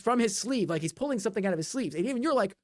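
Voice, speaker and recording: A woman's voice: medium pitch, expressive, very fast, dry recording, studio quality. A woman narrating as game master of a tabletop game, rambling with many fillers and sound effects. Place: home desk.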